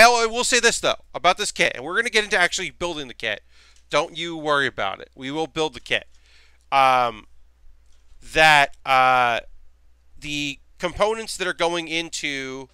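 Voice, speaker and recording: Bright, crisp-voiced man rambling on stream. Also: a little high, no echo. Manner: rambling, thinks aloud with frequent restarts and fillers; drops to a quiet mutter while focused on handiwork. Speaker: live streamer. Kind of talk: casual live-stream chat while working with his hands.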